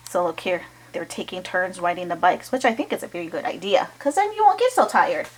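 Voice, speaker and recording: Animated woman reading to children. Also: on the low side, fairly quick, few pauses, slight background noise, poor audio. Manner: animated, chatty asides to young listeners. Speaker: children's storytime reader. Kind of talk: reading a chapter book aloud to children.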